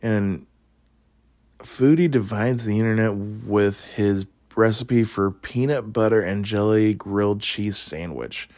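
Man, podcast host, casual rambling chat, laughs a lot, swears, lowish voice. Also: slow pace, darkish tone.

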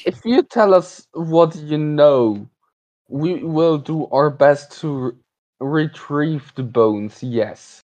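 A player in a tabletop game speaking in a measured, careful way. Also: mid-range voice, lively intonation, darkish tone. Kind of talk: in-character tabletop play.

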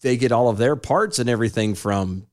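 A tired middle-aged man co-hosting a casual podcast, talking haltingly with lots of fillers and restarts. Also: medium pitch. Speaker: podcast co-host. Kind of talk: casual chat.

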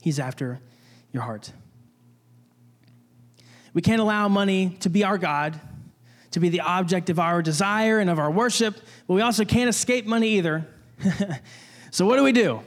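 A young man with a fairly high voice preaches in a relaxed, chatty way, full of restarts and little jokes. His words ring out with a long reverb, as in a church hall. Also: moderate pace. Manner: conversational, many restarts, jokey asides. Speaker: pastor. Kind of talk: casual sermon.

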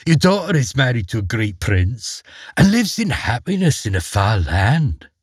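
A man's voice: mid-range voice, big pitch swings, a little slow, slightly rough, no room sound, studio quality. A man voicing a small, truthful trout, speaking grudgingly in a storybook reading. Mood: reluctant. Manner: reluctant, grudging truth-teller.

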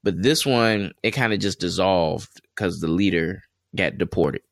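Low, gravelly man co-host, dry close sound, rambling and relaxed. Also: unhurried, no echo. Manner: relaxed, rambling with many fillers. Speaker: podcast co-host. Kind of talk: casual podcast chat.

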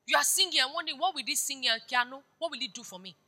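A woman pastor preaching a sermon. She moves between hushed storytelling and loud, urgent exhortation. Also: high voice, very fast, rough recording.

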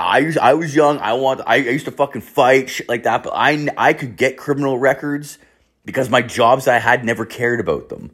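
A man's voice: medium pitch, fairly quick, fairly bright tone, slightly rough. A young man telling a long, rambling story in casual talk, full of swearing and fillers. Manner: rambling, profane, filler-heavy anecdote.

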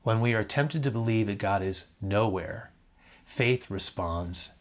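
A man's voice: on the low side, a little slow. A man preaching a reflective sermon, building to emphatic moments and asking listeners to repeat after him.

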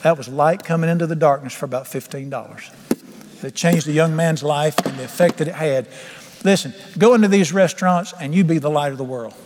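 Pastor preaching, folksy and fervent, slightly high voice, big church echo, faint music. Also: male voice, fairly quick, noisy background. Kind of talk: sermon. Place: church sanctuary.

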